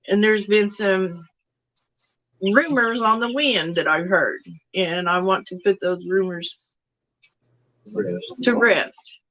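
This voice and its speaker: A woman guest on a livestream, speaking in a slow, measured way over a video call. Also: medium pitch, fairly bright tone, lo-fi sound. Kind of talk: casual livestream talk.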